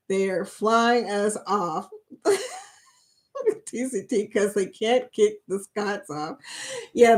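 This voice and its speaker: A middle-aged woman with a drawl hosts a relaxed livestream chat and reads out what viewers write. She talks at an unhurried, slow pace and keeps dissolving into giggles between phrases. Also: medium pitch. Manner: giggly, keeps breaking into laughter; reads viewer comments aloud. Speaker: host of a creator chat stream.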